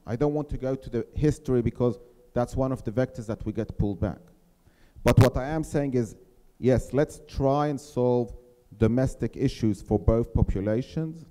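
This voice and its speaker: A middle-aged man on a panel speaking earnestly to a live audience, slowing down to press his key points. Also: medium pitch, warm tone. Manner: earnest, persuasive, slows to stress key points. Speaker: settlement mayor on a panel. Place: lecture hall. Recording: reverberant hall.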